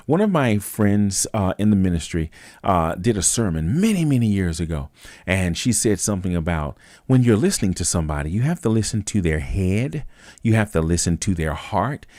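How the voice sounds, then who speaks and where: A man's voice: sits low, darkish tone, dry recording, studio quality. A man hosting a live talk stream, speaking casually and thoughtfully, with frequent fillers and restarts. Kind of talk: casual reflective monologue.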